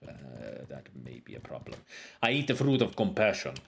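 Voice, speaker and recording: A man voicing a scholarly male desert wizard in a game, reading slowly and deliberately in a put-on foreign accent. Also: rumbling low, sing-song, gravelly, fairly bright tone, husky, voice pushed down, heavily acted. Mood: earnest.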